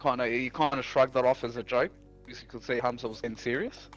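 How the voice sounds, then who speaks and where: A man's voice: mid-range voice, steady tone, quick pace, highs cut off. Young aussie guy ranting about work, swears constantly, faint music behind. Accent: Australian. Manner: profane, blunt storytelling. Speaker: streamer. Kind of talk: casual storytelling.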